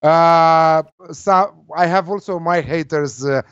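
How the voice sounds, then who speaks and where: A man's voice: fairly high pitch, takes it slowly, a bit bright, smooth, dry recording, muffled recording. Hesitant man with a Russian accent. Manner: hesitant, many fillers. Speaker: betting tipster. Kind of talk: casual panel chat.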